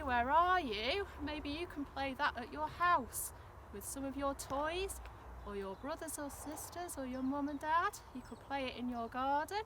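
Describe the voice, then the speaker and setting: A woman presenting a play activity for small children, talking in a slow, exaggerated sing-song. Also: on the high side, fairly bright tone, slight background noise.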